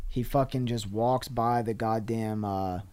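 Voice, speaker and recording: A man's voice: fairly low pitch, fairly even intonation, unhurried, darkish tone. A man co-hosting a podcast, telling an improvised comic story in a rambling, profane way full of fillers. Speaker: podcast co-host.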